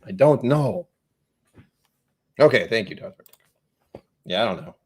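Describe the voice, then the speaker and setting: A man's voice: lowish voice, lively intonation, unhurried, a little mellow, husky. A man with a New England accent hosting a whiskey live stream, chatting, easily distracted and joking at his own expense. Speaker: whiskey channel host.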